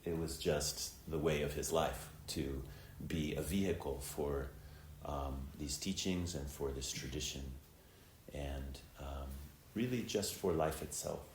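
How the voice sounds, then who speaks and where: Very deep-voiced man, reflective dharma talk. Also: slight background noise. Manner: reflective, unhurried, many filler words. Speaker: Zen teacher and preceptor. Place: temple hall. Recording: echoey temple hall, faint ambience.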